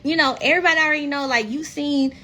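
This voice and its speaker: A woman's voice: high voice, fast talker, sharp tone. A woman, a reality TV cast member chatting candidly and bluntly on a phone livestream, swearing freely. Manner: candid, blunt, profane storytelling. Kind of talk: casual livestream chat.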